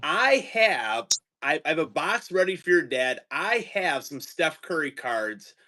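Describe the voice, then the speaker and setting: A man's voice: a little high, sing-song, measured pace, sharp tone. A man hosting a casual livestream chat from home, easygoing and rambling. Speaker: teacher and card-collecting stream host.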